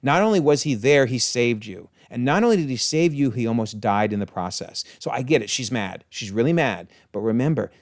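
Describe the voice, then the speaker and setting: A man's voice: mid-range voice, dry recording, studio quality. A man giving a casual, enthusiastic episode breakdown, chatty with frequent exclamations and chuckles. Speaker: TV episode reviewer.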